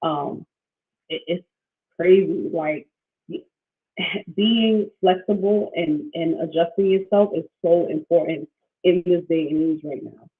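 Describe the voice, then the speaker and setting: A woman hosting a casual livestream as a coach, talking in a rambling, animated way with many restarts and fillers, reading out viewer comments. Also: fairly low pitch, takes it slowly, pauses often. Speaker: financial wellness coach, livestream host. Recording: tinny phone-like sound.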